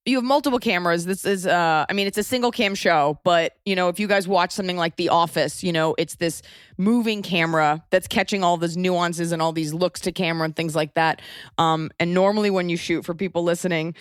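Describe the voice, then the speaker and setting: A woman's voice: on the low side, smooth, no room sound, clean studio sound. A woman hosting a podcast, chatting casually and explaining things for her listeners. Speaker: podcast host. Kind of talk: casual interview chat.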